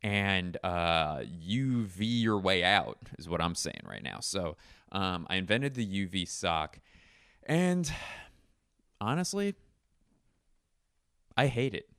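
A man in his thirties with a lowish, smooth, resonant voice rambles through a comedic podcast monologue. He jumps between absurd tangents and deadpan asides. The sound is close and dry, with no room around it. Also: a little slow, dry recording. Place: home.

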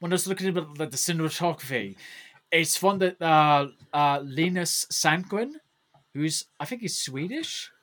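Man co-hosting a podcast, bright voice, a bit high, rambling and animated. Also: normal speed. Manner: rambling, animated, laughs often. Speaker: podcast co-host. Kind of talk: casual chat.

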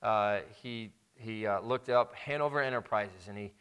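A man's voice: lowish voice, normal speed, fairly bright tone, clear, resonant tone. A man preaching a sermon, telling a story and leading a prayer, with emphatic repetition of key phrases.

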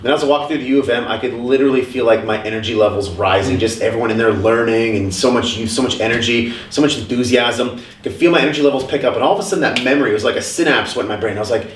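Fast-talking man, roomy distant sound. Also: medium pitch, a little hiss or hum. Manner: animated storytelling, swears casually. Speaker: podcast host. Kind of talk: casual group chat. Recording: roomy, distant phone audio.

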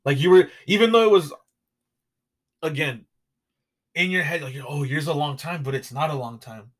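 Speaking at a normal pace with a voice on the high side, this young podcast co-host chats loosely, swearing and leaning on fillers as he rambles.

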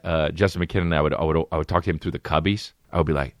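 A low-pitched young man rambles through profane stories with sudden animated bursts. He hosts a casual podcast, and his voice sits close and dry with no room sound. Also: quick pace, hardly any pauses, dry recording. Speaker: podcast host. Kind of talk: casual comedic storytelling.

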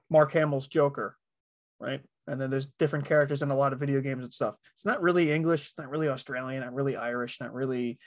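A man's voice: on the high side, dry recording. A man who works as a voice actor talking casually on a podcast, rambling a little with lots of fillers. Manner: relaxed, rambling, many fillers. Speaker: voice actor guest.

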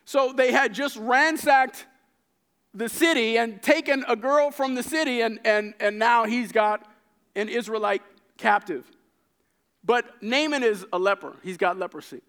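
A man preaching a sermon, retelling scripture stories with lively acted-out dialogue and frequent repeated words. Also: high-pitched, clear, resonant tone. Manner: animated storytelling, acting out characters' lines.

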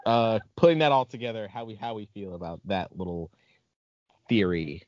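A man hosting a casual podcast chat, animated and laughing often. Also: on the low side, normal speed, dry recording. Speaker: podcast host. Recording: dull lo-fi recording.

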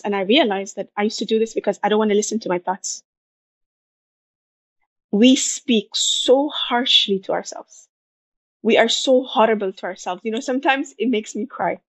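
A woman guest in a conversational interview, talking in an animated way and driving points home with emphatic repetition. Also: medium pitch, no echo. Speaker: podcast guest, marathon runner.

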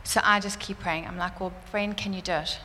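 A woman telling a church congregation a personal testimony, animated and fervent, laughing often. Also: lowish voice, fairly quick, slight background noise. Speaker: church speaker sharing a testimony. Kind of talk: sermon testimony. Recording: roomy church hall reverb, faint ambience.

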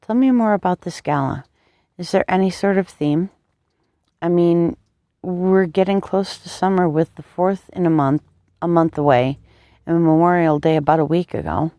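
A woman voicing a tough young former soldier who speaks in a quiet, murmuring, blunt way. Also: lowish voice, moderate pace, no echo, clean studio sound, close to an everyday voice.

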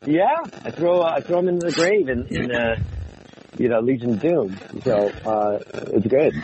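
Male American voice actor, animated interview storyteller, mid pitch, faintly noisy lo-fi recording. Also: moderate pace. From United States. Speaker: voice actor guest. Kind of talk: casual interview chat.

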